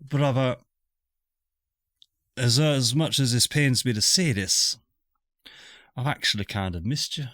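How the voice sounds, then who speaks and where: A man's voice: medium pitch, unhurried, pauses often, a bit bright, dry recording, clean studio sound, close to an everyday voice. A man voicing a smug, boastful brother in a tabletop game, with a put-on accent that drifts between Scottish and Irish. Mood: grudging. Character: smug boastful male brother, scientist-farmer.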